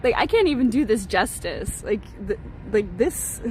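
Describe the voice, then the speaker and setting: A woman streaming live as she walks outside a building, excitable and gushing, laughing often as she greets her chat and points things out. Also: mid-range voice, normal speed, slight background noise. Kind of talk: casual live-stream chat while walking. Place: outdoors beside a gallery building.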